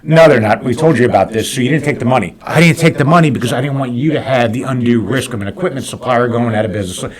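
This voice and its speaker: A business owner hosting a podcast, telling a heated story in a casual, animated way, swearing often. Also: male voice, medium pitch, fast talker, hardly any pauses, a crowd in the background.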